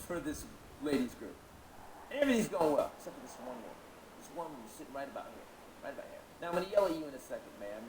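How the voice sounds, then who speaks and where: A man doing a brash stand-up comedy routine on stage, animated and loud at times. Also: fairly high pitch, rapid-fire. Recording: echoey venue with noise.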